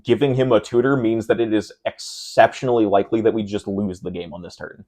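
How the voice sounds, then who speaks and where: A young man, a tournament player being interviewed, talking casually and walking through game decisions step by step, getting animated as he retells a frustrating loss. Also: fairly low pitch, brisk. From Pacific Northwest of the United States.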